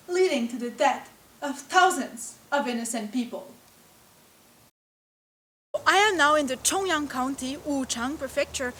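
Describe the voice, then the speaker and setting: A woman hosting a mock news show, presenting in a bright, scripted anchor style. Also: high-pitched, slight background noise, low-quality recording.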